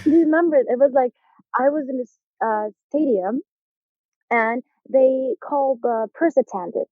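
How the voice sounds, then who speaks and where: A young adult woman from Turkey with a Turkish accent, a podcast guest telling an animated story and acting out the people in it. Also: high voice, measured pace, dry recording. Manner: animated, acts out quoted voices, laughs often. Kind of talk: casual interview storytelling. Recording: tinny phone-like line, dry.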